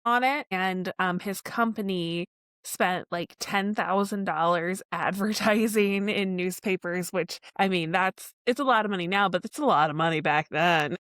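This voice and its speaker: A woman's voice: lowish voice, normal speed, a bit bright, no room sound, clean studio sound. A woman guest on a podcast, talking in a friendly, easy way, sharing local history with fillers. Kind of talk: casual conversation.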